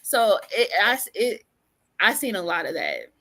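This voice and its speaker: A woman's voice: mid-range voice, measured pace, gravelly. A young adult woman on a podcast panel, telling her story animatedly and acting out what others said. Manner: animated storytelling, acts out quotes. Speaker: panel guest. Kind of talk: casual panel discussion.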